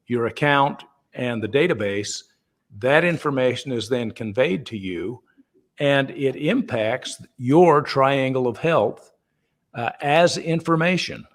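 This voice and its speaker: Chatty man explaining at an easy pace. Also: medium pitch. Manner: easygoing and chatty, with frequent fillers and restarts; acts out everyday dialogue in the voices of the people in his examples. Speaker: company founder answering questions. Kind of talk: conversational explanation on a call.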